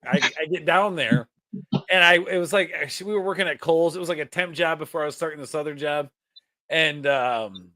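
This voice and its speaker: Energetic northern Illinois host, profane storyteller, forceful tone, very dry sound. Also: male voice, fairly high pitch, fairly quick, no room sound. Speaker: podcast host. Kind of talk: casual podcast chat.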